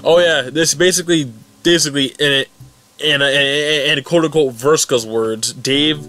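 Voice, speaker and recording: A young man casually recapping and reacting to a webcomic update, rambling and excitable with many restarts. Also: on the high side, normal speed, faint music behind. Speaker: fan recap vlogger.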